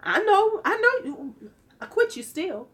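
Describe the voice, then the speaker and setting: Her voice is very high-pitched, very animated and fairly bright, though a bit worn out, and she keeps a measured pace. The fifty-something vlogger chats casually with her livestream viewers, sassy, candid and joking throughout.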